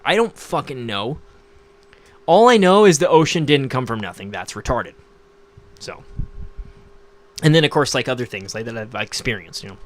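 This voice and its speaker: Animated, profane young man ranting. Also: mid-range voice. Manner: profane, mocking, animated rambling. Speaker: livestream host. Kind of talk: casual rant to live chat.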